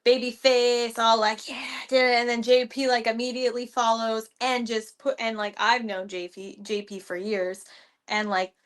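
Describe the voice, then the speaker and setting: A woman who wrestles, guesting on a podcast and telling stories in an animated way, full of "like". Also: fairly high pitch, normal speed. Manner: animated storytelling, heavy use of "like". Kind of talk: casual podcast chat.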